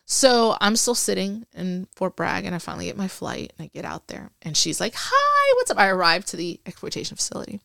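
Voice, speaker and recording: A woman's voice: lowish voice, brisk, gravelly, few pauses, fairly bright tone, no echo, clean studio sound. A woman as an interview guest, chatting casually and acting out quoted dialogue as she tells her story.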